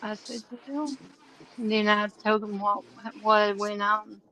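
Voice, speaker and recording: A woman telling a long, animated story to her livestream chat, drawling and breaking into laughs. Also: mid-range voice, slow pace, slight background noise, rough recording. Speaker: livestream host.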